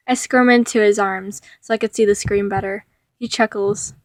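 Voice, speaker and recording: A woman's voice: mid-range voice, steady tone, brisk, no room sound, studio quality. Woman reading a story aloud. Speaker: narrator reading a fan fiction.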